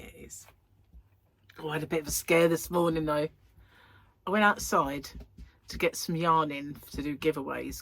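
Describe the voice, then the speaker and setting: A chatty woman rambles through her news, her voice swinging high and low as she acts out little exchanges. There's a husky edge to her tone, and the recording is dry and close. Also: dry recording. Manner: chatty, rambling, laughs often, acts out dialogue. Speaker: host of a crochet chat channel. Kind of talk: casual chat.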